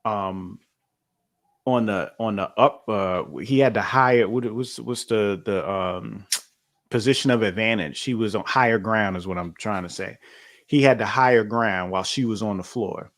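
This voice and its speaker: A man's voice: on the low side, normal speed, a bit bright. A man co-hosting a podcast in casual chat, loose and conversational, with many fillers and restarts. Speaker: podcast co-host.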